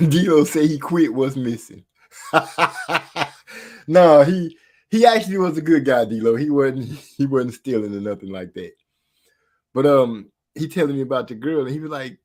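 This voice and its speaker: A man telling a story in casual podcast chat, slangy and animated, often laughing between lines. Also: mid-range voice, measured pace, long pauses.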